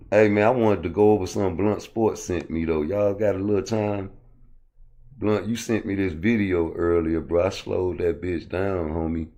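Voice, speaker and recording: A man's voice: deep voice, warm tone. A man hosting a casual livestream, rambling and cursing as he answers chat comments. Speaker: livestream host.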